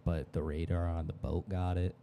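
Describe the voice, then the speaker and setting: Deep gravelly young man chatting. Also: flat delivery, moderate pace, dark tone, a little hiss or hum. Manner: rambling, filler-heavy, swearing. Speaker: podcast co-host. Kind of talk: casual chat.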